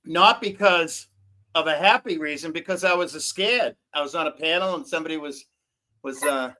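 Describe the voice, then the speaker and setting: A man's voice: fairly high pitch, normal speed, sharp tone. A man hosting a casual live-stream chat, rambling and joking in a loose, giggly way.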